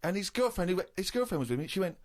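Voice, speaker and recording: An English man in his thirties on a casual comedy podcast, telling an indignant anecdote with animated storytelling. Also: high-pitched, very fast. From England.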